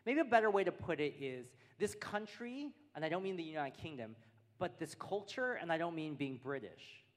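An American man, a pastor, preaching a sermon in a church hall, earnest and building his points through repeated phrases. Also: medium pitch. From United States. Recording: long hall reverb.

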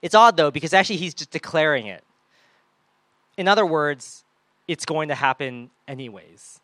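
A man preaching a sermon in a lively way, often acting out the people and voices he quotes. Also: fairly high pitch, moderate pace, no echo. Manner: animated, acts out quoted voices.

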